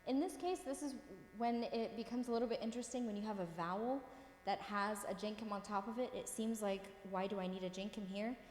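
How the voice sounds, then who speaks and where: Woman teacher, mid-pitched, encouraging; recorded in an echoey hall with faint noise. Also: fairly quick, hardly any pauses, a little mellow. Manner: patient, encouraging, checks in often. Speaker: Coptic language teacher. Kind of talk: classroom lesson, reading words aloud. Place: classroom. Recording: roomy echo with long reverb, faint room noise.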